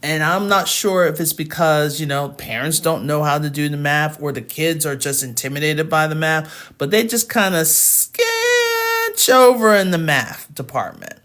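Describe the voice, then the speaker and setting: A woman's voice: deep voice, animated, unhurried, a bit bright. A middle-aged woman tutoring math in a casual livestream, chatting with viewers and laughing often.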